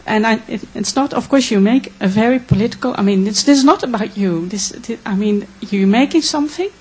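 Husky woman, earnest and halting. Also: fairly high pitch, darkish tone, poor audio. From Netherlands. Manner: earnest, emotional, halting with many restarts. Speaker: audience member asking a question. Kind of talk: conference Q&A.

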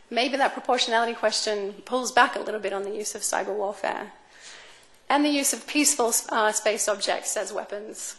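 A woman gives an academic talk in a lecture room, her voice sitting a little high. She speaks in a measured, careful way, pausing on fillers and restarting phrases as she thinks. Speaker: speaker on space law.

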